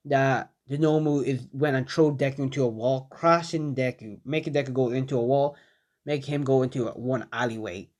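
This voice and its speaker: A man's voice: mid-range voice, fairly even intonation, moderate pace, darkish tone. A young man casually narrating a fan story, rambling with many fillers.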